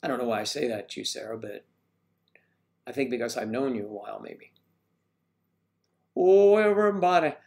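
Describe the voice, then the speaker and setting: A man's voice: mid-range voice, lively intonation, normal speed, pauses often, darkish tone. An older man hosting a casual livestream, greeting viewers by name and rambling while he fumbles with his equipment. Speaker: livestream host.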